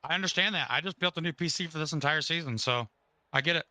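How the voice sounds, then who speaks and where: Hoarse sim racer guy, bright forceful tone, dry headset sound, chill post-race recap. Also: on the high side, fast talker, dry recording, rough recording. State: hoarse, losing his voice. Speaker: sim racing driver. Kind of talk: casual post-race interview.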